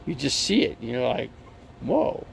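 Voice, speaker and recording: Very gravelly man rambling on a stream. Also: a little high, animated, measured pace, slight background noise. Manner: rambling storyteller, many fillers and restarts. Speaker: live streamer. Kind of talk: casual rambling chat.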